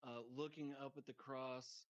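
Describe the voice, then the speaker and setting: A man's voice: medium pitch, steady tone, normal speed, muffled recording. A man chatting about a film on a podcast, rambling with lots of "like" and frequent laughter. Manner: rambling, laughs often, heavy use of "like". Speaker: podcast guest. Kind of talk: casual movie discussion.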